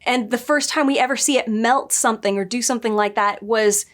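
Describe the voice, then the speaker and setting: A show reviewer, a woman with a slightly high voice and a slightly quick pace, casually recaps a TV episode and nitpicks it. She sounds chatty and exasperated and laughs every so often.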